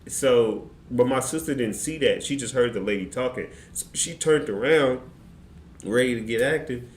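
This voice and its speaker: A man streamer telling a story in casual, slangy, animated fashion. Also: mid-range voice, normal speed. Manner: animated, slangy, excitable retelling. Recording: roomy with faint background noise.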